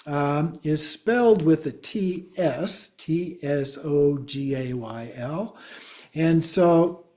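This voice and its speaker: Slow, mellow-voiced man teaching a class. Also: on the high side. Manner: patient, spells words out letter by letter. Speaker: Buddhist teacher. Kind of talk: class lecture.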